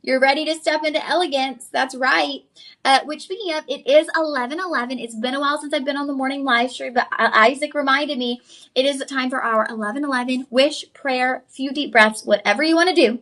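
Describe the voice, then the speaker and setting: Upbeat shopping host, woman, slightly high voice, chatty live pitch. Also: a little fast, a bit bright. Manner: upbeat, chatty, says "y'all".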